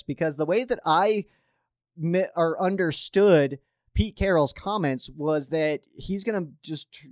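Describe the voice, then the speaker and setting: A man talks through his football predictions in a loose, rambling way, often restarting his sentences. His voice sits a little high for a man, and his emphasis swings up and down. The recording is dry and close, with no room sound. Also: dry recording. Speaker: sports podcast host. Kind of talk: casual football picks commentary.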